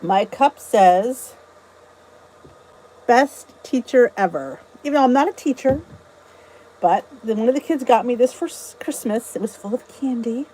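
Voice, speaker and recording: A woman's voice: fairly high pitch, expressive, unhurried, dark tone, low-quality recording. Bubbly middle-aged woman hosting a live chat. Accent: US English. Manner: chatty, bubbly greetings, frequent laughs. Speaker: YouTube livestream host. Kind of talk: casual live chat reading comments. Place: indoors at home. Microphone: phone or camera on a stand.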